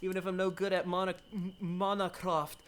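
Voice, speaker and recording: A man's voice: high-pitched, level tone, brisk, fairly bright tone. A man reading a visual novel aloud, voicing a humble young male laborer who sounds easygoing. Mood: modest.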